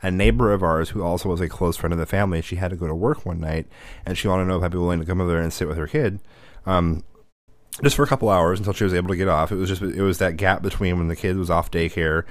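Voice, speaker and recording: Fast-talking man telling a loose, profane story. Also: deep voice, no room sound. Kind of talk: casual storytelling chat.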